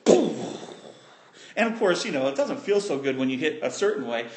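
A man preaching a sermon, telling a childhood story with animated voices and sound effects. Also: fairly high pitch, moderate pace, slight background noise. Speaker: pastor.

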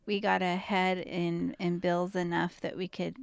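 A woman co-hosting a relaxed podcast with her husband. Her voice has a gravelly, fry-edged texture and sounds close and dry. She talks in a wry, teasing way and laughs easily. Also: lowish voice, a little slow, no echo. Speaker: podcast co-host. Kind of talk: casual chat.

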